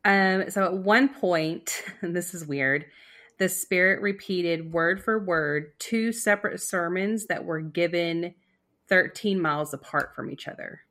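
Low-voiced woman telling a story. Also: unhurried, a bit bright. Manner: rambling, many fillers and restarts. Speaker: storyteller co-host. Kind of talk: casual podcast storytelling.

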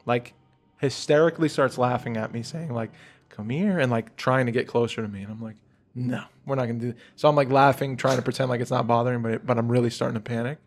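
Man, podcast host, casual storytelling, mid pitch, animated, faint music behind. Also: fast talker. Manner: animated, rises high and loud when retelling fright.

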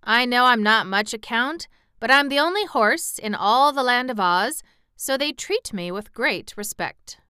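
A woman's voice: on the high side, lively intonation, a little slow, bright, forceful tone, clean tone, dry recording, clean studio sound, pitched above the performer's own voice. A woman voicing an earnest, mildly proud male sawhorse made of wood. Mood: humble.

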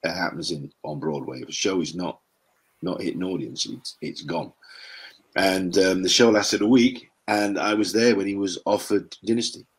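Husky low-voiced older actor. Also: male voice, lively intonation, moderate pace. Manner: anecdotal, rambling, with throat-clearing. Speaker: actor, guest. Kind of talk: interview chat, storytelling.

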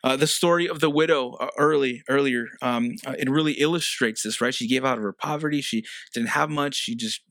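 A man's voice: mid-range voice, brisk, few pauses, a bit bright, no room sound. A man preaching a sermon as a pastor, earnest and conversational, often restarting phrases.

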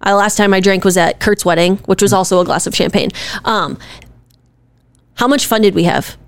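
A woman's voice: mid-range voice, fairly even intonation, moderate pace, clean tone, dry recording. A woman co-hosting a podcast with her husband, talking earnestly and emphatically in a conversational way. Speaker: podcast co-host, wife. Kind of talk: casual podcast chat.

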